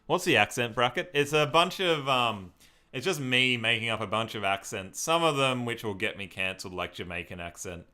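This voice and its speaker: A man's voice: fairly low pitch, pushed and bright. An Australian man from Victoria, chatting casually on a live stream as he reads and answers viewer comments.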